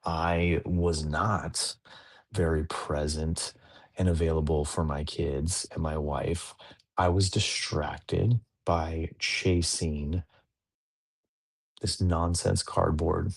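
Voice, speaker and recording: Deep-voiced rambling dad host. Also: male voice, flat delivery, takes it slowly, gravelly, husky. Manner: rambling, self-mocking, chatty storytelling. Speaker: podcast host. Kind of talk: casual chat.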